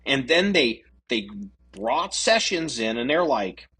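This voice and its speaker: Man, podcast co-host, casual political chat, profane, lively intonation, husky voice. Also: medium pitch, takes it slowly. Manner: profane, animated, mocking voices of others.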